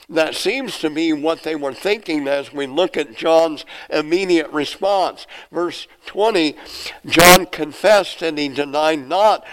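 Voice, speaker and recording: Guy preaching a sermon, reading verses then explaining them, kinda high voice. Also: rough recording. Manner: reads scripture aloud and explains it verse by verse; acts out the questioners' lines in a raised voice. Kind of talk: expository sermon.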